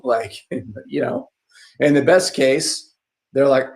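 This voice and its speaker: A man talking casually on a podcast, rambling with frequent restarts and fillers, and turning animated when he mimics other people. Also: medium pitch, slow, vocal fry. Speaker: podcast speaker. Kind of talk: casual conversational podcast talk.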